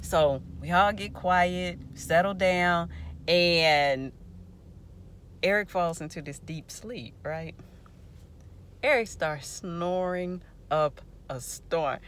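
A woman in her forties telling a personal story to her viewers in an animated, lively way. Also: sits low, slow pace. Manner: animated, lively storytelling with playful quoted voices. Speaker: vlogger remembering a friend.

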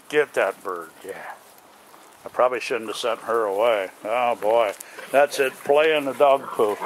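Man, slow-talking dog owner, coaxing voice, camera mic outdoors with faint noise. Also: medium pitch, creaky. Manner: talks to the dogs in a raised, coaxing voice. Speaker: dog owner filming puppies. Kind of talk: casual talk to puppies while filming.

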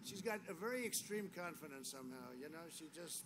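A man's voice: fairly high pitch, animated, brisk. A man giving a rambling, boastful rally speech outdoors, full of repetition and asides. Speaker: political speaker at a rally. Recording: noisy outdoor rally audio.

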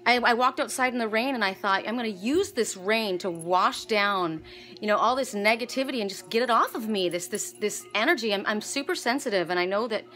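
A woman's voice: medium pitch, a little fast, sharp tone, soft background music, low-quality recording. A middle-aged woman chatting casually to camera about her day and a gift, rambling and effusive with many restarts. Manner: effusive, rambling, full of restarts and gushing exclamations. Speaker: vlogger and spiritual reader.

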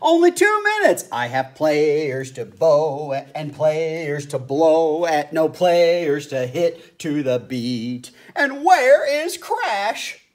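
A woman voicing a fussy male orchestra conductor who talks in a shrill, exasperated way. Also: very animated, slow pace, few pauses, heavily acted. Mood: flustered.

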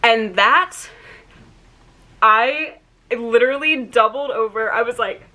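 A woman's voice: fairly high pitch, slow, bright, forceful tone. A young woman vlogger telling a personal story in a chatty, emotional way, full of "like" fillers. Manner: chatty, many "like" fillers, gets choked up.

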